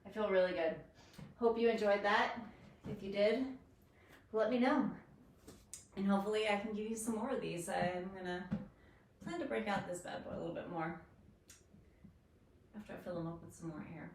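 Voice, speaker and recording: A woman with a mid-range voice leads a home workout as a fitness instructor, speaking at a moderate pace with long pauses. She counts down every set and cheers viewers along enthusiastically. The sound is echoey, captured by a distant mic with faint noise.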